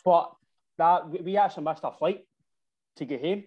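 A Scottish man tells a rambling football-trip story in slangy casual chat, tagging "right?" onto his lines. His voice sits a little higher than most men's. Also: moderate pace, breathy edge, lo-fi sound. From Scotland. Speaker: football supporter telling stories.

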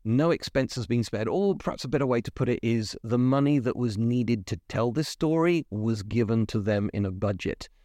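A man's voice: medium pitch, animated, moderate pace, few pauses, dark tone, dry recording, clean studio sound. A man hosting a podcast, giving a chatty, opinionated spoken review full of rhetorical questions. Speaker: podcast host reviewing a series.

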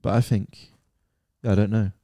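A man's voice: lowish voice, a little slow, no room sound, studio quality. A young man, telling stories candidly and animatedly in a casual podcast chat. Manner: animated storytelling, candid and swearing. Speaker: podcast co-host, son.

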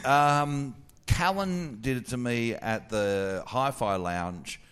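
A middle-aged Australian comedian telling crude, animated stories on a live podcast. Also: male voice, medium pitch, slow pace, clean tone. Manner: crude, animated yarn-spinning. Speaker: comedian guest.

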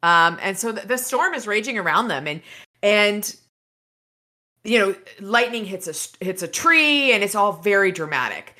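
A woman's voice: mid-range voice, animated, moderate pace, pushed and bright. A woman podcast host casually retelling a novel's chapters, rambling with fillers and restarts. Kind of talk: casual book recap.

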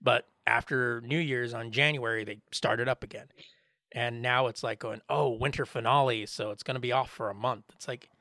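A man's voice: medium pitch, steady tone, moderate pace, bright, forceful tone, no echo, clean studio sound. A man co-hosting a podcast in casual chat, rambling and joking, acting out what others said. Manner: rambling, joking, acts out quoted voices. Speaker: podcast co-host.

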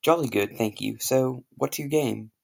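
A man voicing a pompous British gentleman who works in finance, with a put-on British accent and a prim, old-fashioned manner. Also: mid-range voice, a little slow, creaky.

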